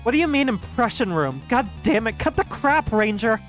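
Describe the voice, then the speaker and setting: Woman voicing an angry game heroine, slightly higher than her own voice. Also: big pitch swings, normal speed, soft background music, poor audio. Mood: defiant.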